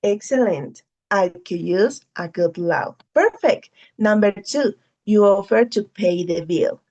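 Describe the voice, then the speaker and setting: Slow, gravelly-voiced teacher. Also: female voice, medium pitch, expressive, darkish tone, highs cut off. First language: Spanish. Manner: patient, repeats key phrases, frequent "okay?". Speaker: English teacher. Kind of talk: online class instruction.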